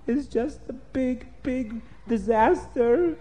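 A man telling a story to children, animated and stopping to explain words. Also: on the high side, measured pace.

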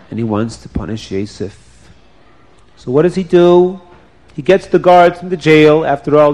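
A man narrates a story for children, animated and playful, often turning to his young listeners with questions. His voice sits fairly high for a man.

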